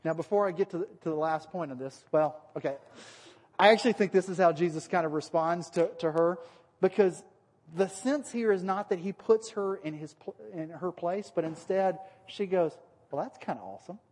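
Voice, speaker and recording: A man preaching a sermon in a relaxed, conversational way, acting out the voices he quotes. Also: high-pitched, moderate pace, in a large hall. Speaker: pastor.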